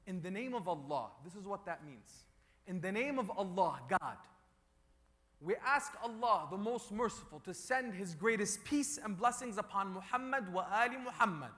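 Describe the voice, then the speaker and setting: Man, sermon leader with crowd call-and-response, high bright voice, long reverb of a big hall. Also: animated, normal speed. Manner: leads the crowd in repeated chants, rising to loud calls. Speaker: speaker at a religious gathering. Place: large hall before a gathering.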